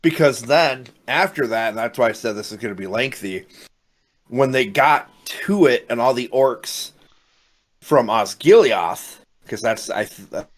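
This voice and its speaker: Guy on a podcast going on and on about a movie, swears a lot, mid pitched voice. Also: measured pace. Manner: rambling animated retelling with swearing. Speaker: podcast co-host. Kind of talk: casual movie discussion.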